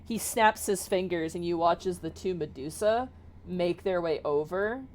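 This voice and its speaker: Woman game master, casual narration, many uh and um, lowish voice. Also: moderate pace.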